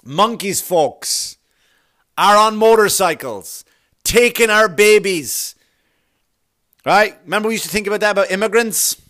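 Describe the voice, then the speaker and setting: A man's voice: sits high, expressive, a little slow, pauses often, sharp tone. A middle-aged man doing a profane stand-up routine, rambling and acting out little scenes in put-on voices. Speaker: stand-up comedian.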